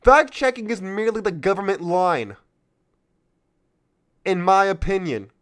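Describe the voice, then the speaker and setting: A man's voice: sits high, big pitch swings, measured pace, a bit bright. A man hosting a political commentary podcast, talking in a heated, sarcastic rant. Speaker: podcast host.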